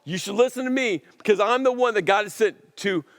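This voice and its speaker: A man's voice: sits high, a little fast, a bit bright, long reverb tail, voice pushed up. A man voicing a stern male prophet who urgently and insistently rebukes a king. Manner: urgent, insistent, repeats the king's name.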